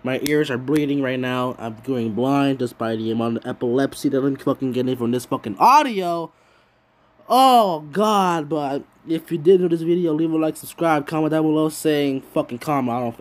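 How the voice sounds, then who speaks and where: A man giving rambling, profane casual commentary on a video. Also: a little high. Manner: rambling, heavy swearing, trailing restarts. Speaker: YouTube commentator.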